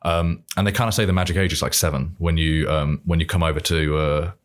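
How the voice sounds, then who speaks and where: A man's voice: a bass voice, fairly even intonation, brisk. A British man in his twenties, a podcast guest chatting casually, laughing often and trailing off mid-sentence. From Britain. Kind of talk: casual conversation.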